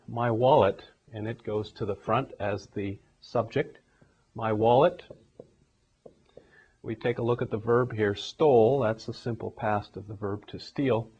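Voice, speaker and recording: A man's voice: medium pitch, darkish tone, breathy edge. A man teaching a grammar lesson, walking through numbered examples one step at a time. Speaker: English teacher. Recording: dull lo-fi recording.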